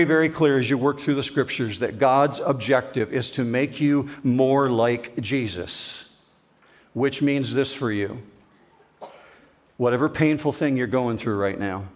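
A man preaching from the pulpit with a voice pitched a little above the usual male range. He presses his points hard, then drops low and slows down for weight. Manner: emphatic preaching, swings between forceful and hushed. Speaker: pastor. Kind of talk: sermon.

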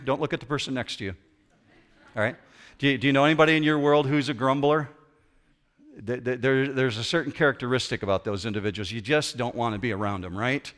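A man preaching a sermon to a congregation with animated delivery. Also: mid-range voice. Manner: animated preaching, acts out grumbling voices. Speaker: pastor. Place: church sanctuary before a congregation.

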